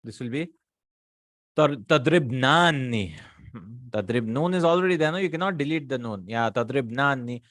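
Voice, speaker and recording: A man's voice: medium pitch, expressive, normal speed, a bit bright, no room sound, studio quality. A man teaching Arabic grammar, working through exercises and repeating each word form aloud. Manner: patient, drills words aloud, asks and answers himself.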